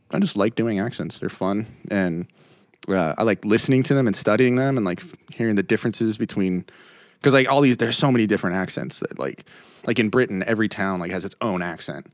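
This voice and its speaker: A young comedian rambles through anecdotes, slipping into other people's voices as he goes. His voice sits low, and the close-mic sound is dry. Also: no room sound. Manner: rambling and animated, laughs often, mimics voices in anecdotes. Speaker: comedian guest. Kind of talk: casual podcast chat.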